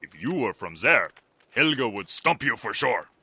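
A man's voice: mid-range voice, very animated, normal speed, vocal fry, sharp tone, slight background noise, exaggerated voice. A man voicing a hearty middle-aged Viking innkeeper in a comedy radio play, eager and hospitable. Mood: confiding.

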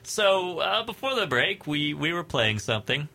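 A man hosting a comedy radio show, trading playful banter and breaking into giggles. His voice is very bright and lively, slightly high for a man. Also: moderate pace, vocal fry. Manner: playful, giggly, prone to sudden screams. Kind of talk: casual banter.

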